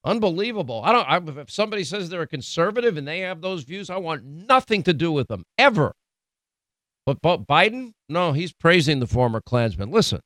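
A man's voice: fairly high pitch, sing-song, brisk, few pauses, fairly bright tone, no room sound. A middle-aged man hosting a political talk show, emphatic, indignant and sarcastic. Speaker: radio talk show host. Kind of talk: political commentary.

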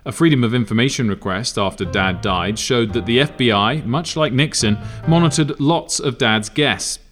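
A man giving measured, scripted documentary narration, explaining archival events. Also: medium pitch, fairly bright tone, faint music behind.

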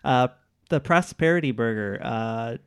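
Man, quiz host, mid-pitched voice, laid-back and chuckling, lots of uhs. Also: unhurried, clear, resonant tone. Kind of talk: hosting a casual quiz podcast.

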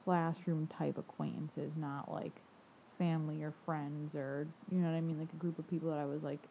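A woman's voice: deep voice, level tone, moderate pace, vocal fry. Rambling woman on a tinny line. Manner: rambling, full of "like" fillers, laughs easily. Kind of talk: casual chat. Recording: tinny phone-like line with faint noise.

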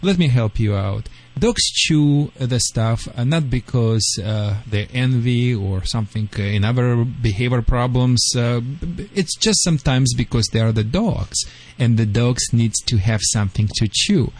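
A man with a Russian accent, a dog trainer on a call-in radio show, giving lively advice in slightly broken English. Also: mid-range voice, measured pace, hardly any pauses, rough recording. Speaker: dog trainer answering callers.

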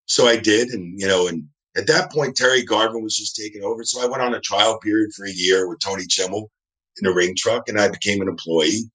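A middle-aged man from New Jersey, a guest telling animated, rambling stories in a casual interview. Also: on the low side, fairly quick, poor audio. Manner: rambling, animated, acts out quoted dialogue.

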